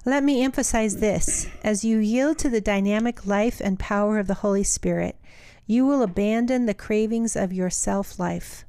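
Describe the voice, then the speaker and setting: A woman co-hosting a talk podcast, moving between easy chat and reading scripture aloud. Her voice sits at a middle pitch. The sound is dry and close, with no room echo. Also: moderate pace, mellow, clean tone. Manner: reads aloud steadily, laughs easily. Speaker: podcast co-host.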